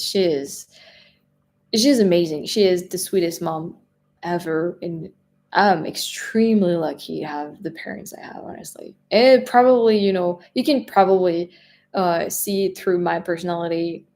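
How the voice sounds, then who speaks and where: With a slightly low, mellow voice, a French-accented woman from France hosts a laid-back live stream, reading questions from viewers. She's chatty and laughs often, frequently repeating words and restarting what she says.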